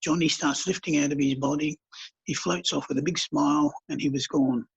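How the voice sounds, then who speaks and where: A counsellor speaks with a calm, earnest manner. His voice sits fairly high for a man, gravelly and husky. The recording is dull and lo-fi. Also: moderate pace. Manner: calm, earnest storytelling with blunt colloquial words. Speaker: counsellor and healer guest. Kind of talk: conversational podcast interview. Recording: dull lo-fi podcast audio.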